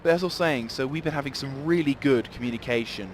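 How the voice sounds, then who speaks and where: A man's voice: medium pitch, fast talker, slight background noise. A man giving live gameplay commentary, rambling and swearing in sudden outbursts.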